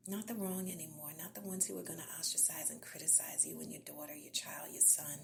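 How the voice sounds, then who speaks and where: A woman podcast host, giving an encouraging devotional talk in a soft, half-whispered, earnest voice. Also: low voice, flat delivery, a little fast, creaky, a crowd in the background.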